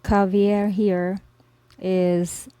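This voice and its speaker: A woman's voice: medium pitch, little pitch movement, very slow, mellow, clean tone, dry recording, rough recording. A woman teaching a spoken language lesson, explaining each letter patiently and repeating every example word several times. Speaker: language tutor.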